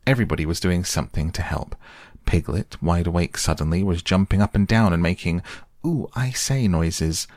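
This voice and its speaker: A man reading a children's story aloud in a gentle, measured storytelling manner. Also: low voice, steady tone, no room sound.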